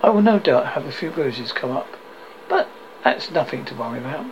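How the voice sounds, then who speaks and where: A man's voice: medium pitch, sing-song, normal speed, a little hiss or hum, lightly acted, poor audio. A man reading the lines of a worried young man who plays his troubles down, in a storybook reading. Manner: plays things down.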